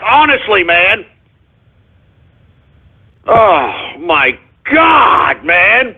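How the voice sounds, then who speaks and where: A man's voice: sits high, lively intonation, normal speed, breathy edge. A man hosting a call-in radio show, grumbling and cursing in exasperation. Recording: tinny phone-like line.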